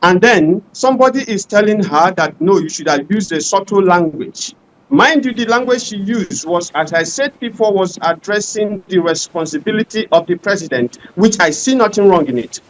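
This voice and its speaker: A man's voice: high voice, animated, normal speed, hardly any pauses, low-quality recording. A man making an impassioned, rhetorical case as a panel guest in a debate.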